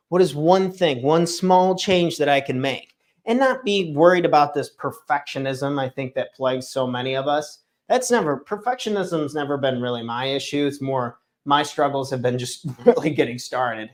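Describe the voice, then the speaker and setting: A man hosting a daily morning livestream, talking casually and earnestly, often restarting and correcting himself. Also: mid-range voice. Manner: rambling, self-correcting, earnest. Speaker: host of a daily morning show. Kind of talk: casual solo livestream talk. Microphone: streaming setup microphone.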